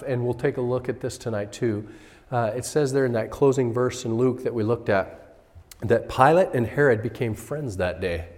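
A male pastor preaching a sermon in a conversational way, sometimes acting out what people in the story say. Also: medium pitch. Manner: conversational, acts out characters' voices. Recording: hall reverb.

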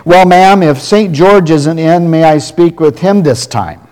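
A man's voice: on the high side, measured pace, a little mellow, pitched above the performer's own voice, natural voice. Guy doing a hungry tramp asking real polite, kinda sly, echoey hall. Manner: meek, pleading. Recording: long reverb of a large hall.

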